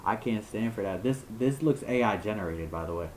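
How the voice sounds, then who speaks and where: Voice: mid-range voice, lively intonation, brisk, darkish tone, slight background noise, low-quality recording. A young adult video creator reacting to things on screen in a slangy, incredulous rant, swearing casually as they go.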